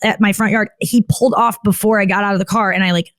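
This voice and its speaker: A woman comedian, a guest in a candid podcast interview, who rambles and keeps cutting herself off with "like" and restarts. She jumps up in pitch when she acts out what other people said. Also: steady tone, fast talker, no room sound. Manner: rambling, frequent "like", self-interrupting.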